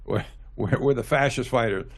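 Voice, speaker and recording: A man with a gravelly voice and a middle pitch talks as a guest in a casual interview. He speaks haltingly, repeats words and laughs lightly now and then. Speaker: guest author.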